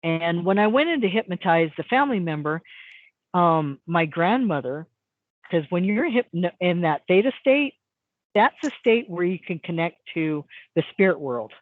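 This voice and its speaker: Animated woman storyteller on a tinny line. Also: moderate pace, dry recording. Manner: animated, acts out quotes with big pitch jumps; repeats words as she restarts. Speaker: guest, hypnotist. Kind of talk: casual storytelling in an interview. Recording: dry tinny phone-like sound.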